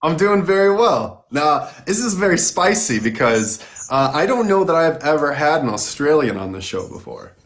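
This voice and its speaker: A man's voice: on the high side, very animated, moderate pace, hardly any pauses, a bit bright. Upbeat chatty male stream host. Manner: enthusiastic, chatty, laughs easily. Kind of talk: upbeat live-stream interview show.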